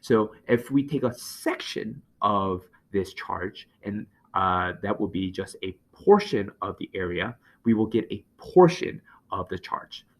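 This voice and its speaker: A man explaining physics in a relaxed lecture, his low voice slipping into gravelly fry. He thinks out loud, pausing on fillers and correcting himself as he goes. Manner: thinks aloud with many fillers and self-corrections. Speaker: physics teacher. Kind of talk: lecture over a whiteboard.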